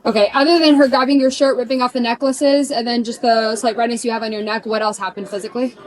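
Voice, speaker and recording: Brisk, fast-talking woman police officer. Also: on the high side, fairly even intonation, no room sound. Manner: brisk, methodical questioning. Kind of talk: police questioning. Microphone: police body camera.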